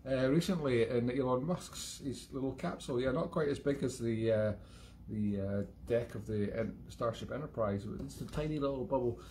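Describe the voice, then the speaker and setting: A man's voice: mid-range voice, moderate pace, darkish tone, a little hiss or hum. A Scottish man hosting a live-streamed music show from home, chatting in a rambling, digressive way with self-mocking humour. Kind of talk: rambling casual monologue.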